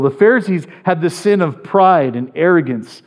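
A man preaching a sermon as pastor, animated, swinging between loud emphatic lines and low quiet asides, often checking in with "right?". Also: normal speed, hardly any pauses.

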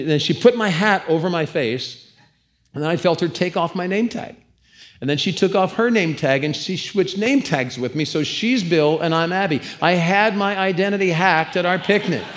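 A man preaching in church with a fairly high voice and an animated, storytelling manner. He jokes with the congregation and breaks off into asides before he comes back to his point. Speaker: pastor. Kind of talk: sermon.

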